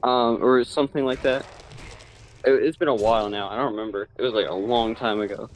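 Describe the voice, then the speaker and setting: A man's voice: mid-range voice, fairly even intonation, a little fast, a little hiss or hum, rough recording. A man chatting casually with a streaming friend, joking and rambling, often losing his thread. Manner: joking and rambling, trails off mid-thought. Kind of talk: casual chat.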